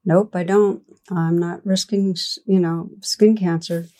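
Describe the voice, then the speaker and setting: An earnest, overcareful man answers his doctor with eager denials, as a woman telling a story puts him on. The voice stays low, slow and warm, close to a plain speaking voice. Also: fairly even intonation. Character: anxious health-careful man, a patient.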